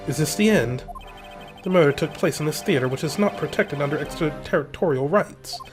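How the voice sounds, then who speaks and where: A man voicing a composed, stern male prosecutor in measured game dialogue. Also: fairly high pitch, animated, over music, lightly acted. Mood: serious. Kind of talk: reading game dialogue aloud.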